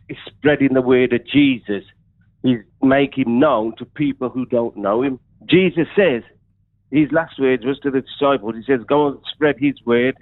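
A man with a West Midlands accent calls in to a radio show and gives an earnest personal testimony, often doubling back and repeating his words. His voice sits at an ordinary middle pitch. It comes through a tinny, narrow phone line with no room sound. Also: dry recording. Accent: West Midlands English. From England. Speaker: caller.

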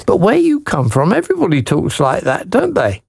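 A male Christian radio host speaks slowly and gently, his voice gravelly. His pitch swings widely as he encourages a listener with tag questions. The recording is dry and close. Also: wildly swooping pitch, no echo. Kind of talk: pastoral talk, reading a listener's letter and praying.

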